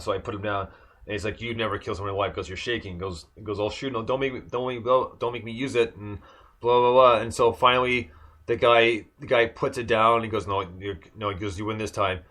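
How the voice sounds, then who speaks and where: A man with a fairly low voice talks through a TV episode in loose podcast chat. He rambles, fills gaps with "like" and "uh", and restarts his sentences often. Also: steady tone, fast, a bit bright. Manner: rambling, many fillers and restarts. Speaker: podcast co-host. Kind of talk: casual chat recapping a TV episode.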